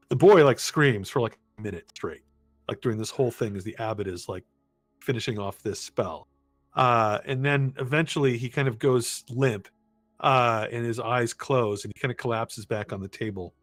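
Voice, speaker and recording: Man, game master, loose filler-heavy narration, dry sound, soft music behind. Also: medium pitch, normal speed, dry recording.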